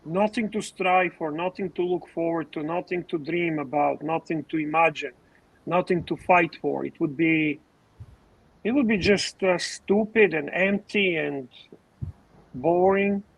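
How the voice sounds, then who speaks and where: A man's voice: on the high side, a little slow, gravelly, breathy edge, no echo, rough recording. A man co-hosting a casual livestream, earnest, often repeating his phrases. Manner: repeats himself, earnest and musing. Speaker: livestream co-host.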